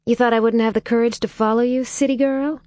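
A woman voicing a young adult small-town woman who talks in a gentle, teasing, often quiet way. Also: mid-range voice, animated, measured pace, dry recording, clean studio sound, voice pushed up. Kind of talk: audiobook character voice.

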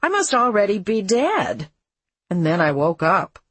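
A woman's voice: mid-range voice, big pitch swings, measured pace, fairly bright tone, breathy edge, dry recording, pitched above the performer's own voice, heavily acted. A woman narrator voicing a sardonic, languid young woman who speaks in a dry, bored, sarcastic way.

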